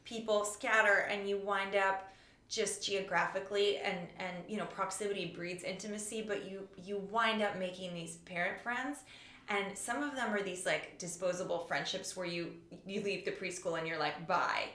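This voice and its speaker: A woman in her forties, a guest in a casual interview, telling stories quickly with a wry sense of humor. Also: medium pitch, pushed and bright. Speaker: author and show creator guest. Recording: echoey room.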